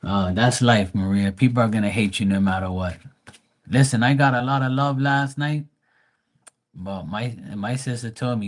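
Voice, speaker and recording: A man's voice: on the low side, moderate pace. A man hosting a live tarot stream, telling stories bluntly with lots of swearing and mocking asides while reading the chat. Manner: profane, blunt storytelling. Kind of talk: casual livestream chat.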